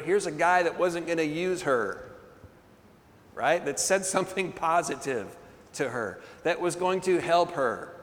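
A man preaching a sermon, telling a story with animated energy, laughing often and calling for responses from the congregation. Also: a little high, a little slow. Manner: laughs often between phrases. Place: church hall. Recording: long hall reverb.

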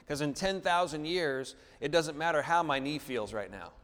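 A man preaches in a church sanctuary, his fairly high voice ringing through a long hall echo. He keeps asking for amens and calls for the congregation to say lines back. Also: normal speed, a bit bright, a little hiss or hum. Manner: call-and-response preaching, asks for amens. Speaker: pastor. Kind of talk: sermon.

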